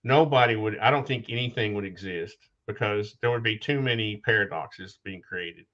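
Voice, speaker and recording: A man hosting a casual podcast conversation, talking haltingly with restarts, losing his train of thought and coughing now and then. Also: on the low side, a bit bright. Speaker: podcast host. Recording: dull lo-fi sound.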